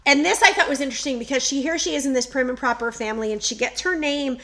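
A middle-aged woman with a high, sharp-toned voice talks quickly while co-hosting a podcast. She tells a story in a chatty, casual manner and laughs frequently.

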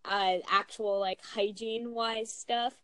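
A young woman in casual chat among friends, rambling in an animated way with many fillers. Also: a little high, slow pace, clean tone, low-quality recording.

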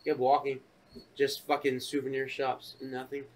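A man co-hosting a casual podcast chat, telling stories full of swearing and acting out his own shouting. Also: mid-range voice, normal speed. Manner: profane, animated storytelling, acts out shouting. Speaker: podcast co-host.

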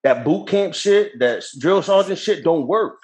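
A man's voice: sits high, animated, measured pace. Blunt, foul-mouthed young man. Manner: blunt, swears freely, retells confrontations. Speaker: podcast co-host. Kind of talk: casual chat.

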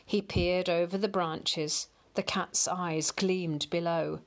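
A woman reading a picture storybook aloud in a slow, expressive storyteller manner. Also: on the low side.

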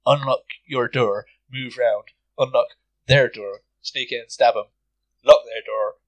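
A man's voice: medium pitch, fairly even intonation, dry recording, low-quality recording. A man playing a tabletop game, bantering and joking with the table. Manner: jokey, quick banter. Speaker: player. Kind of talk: casual tabletop game chat.

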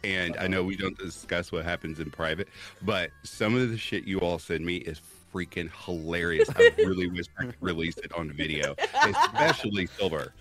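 A man chatting as a guest on a live stream, animated, teasing the others and laughing a lot. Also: low voice, normal speed. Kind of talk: casual group chat on a live stream.

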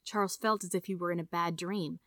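A woman reading a story aloud in a steady, measured narration. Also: on the low side, dry recording, clean studio sound. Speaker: audiobook reader.

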